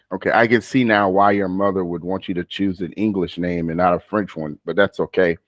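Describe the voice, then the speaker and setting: A low-pitched man leads a one-on-one speaking practice. He coaches patiently, breaks off to correct and restarts his sentences. The sound is dry and close, with no room around it. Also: no echo, muffled recording. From United States. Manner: patient, coaching, self-interrupting. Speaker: speaking tutor.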